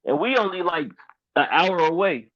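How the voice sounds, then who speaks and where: A man from Dayton, Ohio, co-hosting a podcast, rambling in an animated casual chat with lots of fillers. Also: high-pitched, moderate pace, no echo. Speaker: podcast co-host. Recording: dry, tinny phone-like sound.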